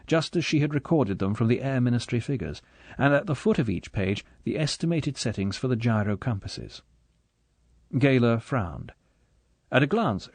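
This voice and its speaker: A man reading a spy novel aloud in steady, measured scripted narration. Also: medium pitch, no echo. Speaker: audiobook narrator.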